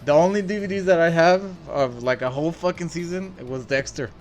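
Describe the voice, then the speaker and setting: Man, podcast co-host, from El Paso, laid-back, swears often, higher pitch, faint music. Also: fairly quick. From El Paso, Texas. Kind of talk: casual chat.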